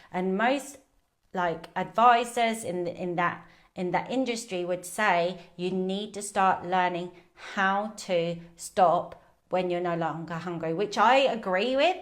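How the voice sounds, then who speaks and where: A woman coach talking candidly on a live video about food, rambling with fillers and restarts. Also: fairly low pitch. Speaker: binge eating coach. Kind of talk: casual live video talk.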